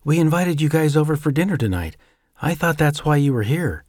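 A friendly young mother speaks gently in a slightly raised voice, as a male narrator puts her on. The sound is close and dry. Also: fairly high pitch, expressive, fairly quick, dry recording, voice pushed up.

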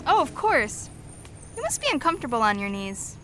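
A woman's voice: high-pitched, sing-song, fairly quick, background noise. An actress playing a sweet, scatterbrained young woman in a 1940s radio comedy, naive and chirpy, taking everything literally.

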